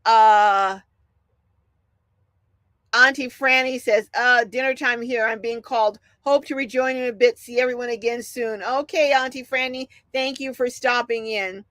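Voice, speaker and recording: Chatty middle-aged lady doing a live stream, highish voice, real dry close sound. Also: unhurried, no room sound. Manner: chatty, animated, laughs often. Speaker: livestream host reading chat. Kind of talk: casual livestream chat.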